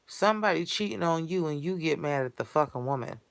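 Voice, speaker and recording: Woman, low gravelly voice, sharp and bright tone, dry sound, profane comedic rant, blunt street slang. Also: lively intonation, fairly quick, no room sound. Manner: blunt, foul-mouthed, streetwise slang, rising to shouting. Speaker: character monologue performer.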